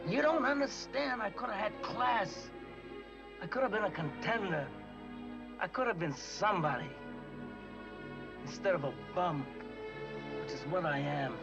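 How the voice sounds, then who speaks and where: A wounded, bitter young ex-boxer pleads in a high, strained voice that keeps climbing. The sound is dull and muffled like an old film print, with score music swelling underneath. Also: male voice, expressive, a little slow, pauses often. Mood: bitter pleading. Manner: pleading, rising emotional protest.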